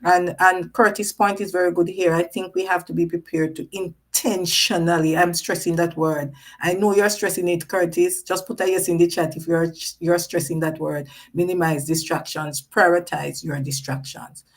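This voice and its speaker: A woman with a somewhat low voice hosts a live-streamed panel talk. She leans hard on her key points, repeating phrases for emphasis. She also breaks off to read viewer comments aloud. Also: fairly even intonation, normal speed, hardly any pauses, poor audio. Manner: reads out viewer chat comments. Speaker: host.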